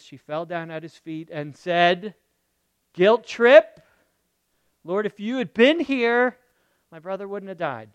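High-voiced preaching man, loud then hushed. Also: smooth, no room sound. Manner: preaching with sudden swings from loud to very quiet; talks straight to the congregation with questions. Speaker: pastor. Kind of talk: sermon.

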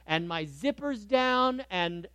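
A man preaching a sermon in a conversational way, moving between soft asides and lively emphasis. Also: sits high, slow pace, smooth, no echo. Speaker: pastor.

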